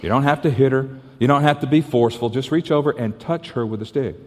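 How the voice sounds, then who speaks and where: Earnest preacher in a reverberant hall. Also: male voice, medium pitch, fast. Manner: earnest, repeats and restarts, drops to soft tones for the story. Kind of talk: sermon with storytelling.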